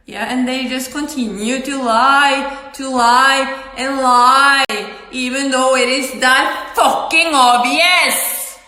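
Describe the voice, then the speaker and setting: A woman vlogging an agitated personal monologue, halting with many filler words and breaking into sudden loud outbursts. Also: sits high, fairly even intonation. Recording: echoey room with long reverb.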